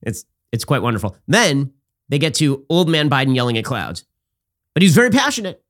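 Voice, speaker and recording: A man hosting a political commentary show, talking in a sarcastic, rapid-fire, mocking way. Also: mid-range voice, sing-song, fairly bright tone.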